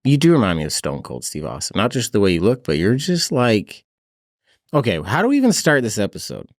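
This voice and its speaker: A man's voice: lowish voice, huge pitch swings, brisk, no room sound, clean studio sound. A man hosting a podcast, chatting in a laid-back way and laughing often. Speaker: podcast host. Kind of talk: casual chat.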